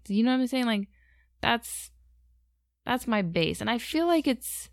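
A woman's voice: on the high side, lively intonation, measured pace, gravelly, dry recording, clean studio sound. Chatty American woman co-host. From United States. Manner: talkative, uses 'like' a lot, laughs easily. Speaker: podcast co-host. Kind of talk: casual chat.

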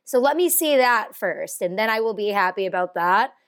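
A woman's voice: mid-range voice, expressive, normal speed. A woman co-hosting a casual podcast, wry and sarcastic in her remarks. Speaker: podcast co-host.

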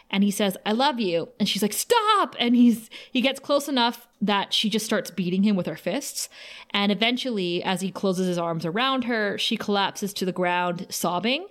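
A woman co-hosts a podcast, walking listeners through an episode in a chatty, lively way, with plenty of fillers. Her voice sits in a middling pitch range for a woman, neither high nor low. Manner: lively storytelling with frequent fillers. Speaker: podcast co-host. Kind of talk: casual episode recap.

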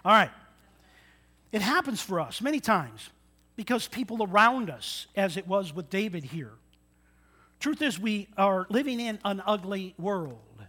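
A man's voice: high-pitched, sing-song, measured pace, sharp tone. A man preaching a sermon, earnest and folksy, often putting questions to the congregation. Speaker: pastor.

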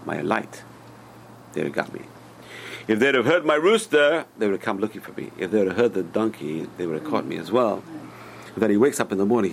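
A man teaching a Torah class, telling stories in an animated way and swinging between loud and hushed delivery. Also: low-pitched, vocal fry, a little hiss or hum. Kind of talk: storytelling sermon.

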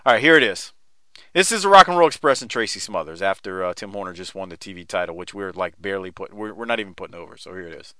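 Bright, crisp podcast host man. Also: low-pitched, lively intonation, fast talker, dry recording. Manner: laughing, loose, profane banter. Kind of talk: casual chat.

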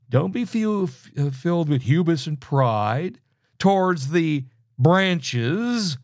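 A man's voice: on the high side, darkish tone, dry recording, clean studio sound. A middle-aged man teaching a sermon, earnest and scolding, often restarting his sentences. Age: middle-aged or older. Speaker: preacher.

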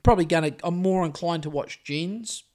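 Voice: mid-range voice, a little fast, a little mellow. A podcast co-host with a New Zealand accent, chatting in a rambling, joking way full of fillers and restarts. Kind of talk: casual banter.

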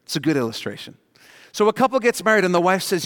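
A man's voice: high-pitched, big pitch swings, quick pace, fairly bright tone. A man preaching a sermon, telling stories and stressing key words hard. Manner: emphatic storyteller, leans hard on key words. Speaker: pastor. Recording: long hall reverb.

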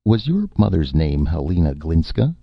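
A man voicing a fussy, apologetic male robot that talks quickly and eagerly in an audiobook reading. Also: sing-song, creaky, breathy edge, no echo, exaggerated voice. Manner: quick, eager, rising pitch. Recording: muffled lo-fi recording.

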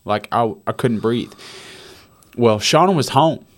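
A man's voice: mid-range voice, animated, unhurried. A man, maybe in his thirties, telling a personal story in casual conversation. He swears and repeats himself for emphasis. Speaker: guest.

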